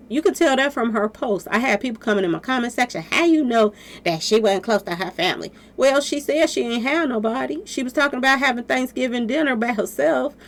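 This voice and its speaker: A woman's voice: a little high, creaky. A woman giving casual spoken commentary to her viewers, talking straight at them with lots of rhetorical questions. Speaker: commentary vlogger.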